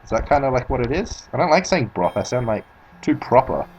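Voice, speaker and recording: Here the Australian speedrunner has a mid-range, slightly mellow voice, very animated and brisk. He chats loosely while playing, swearing freely and laughing at his own antics. Lo-fi audio carries a bit of hiss or hum.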